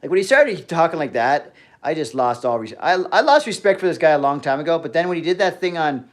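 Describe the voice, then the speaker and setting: Casual livestream host, male, somewhat high voice, profane and rambly. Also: lively intonation, a little fast. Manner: profane, rambling, trailing off mid-sentence.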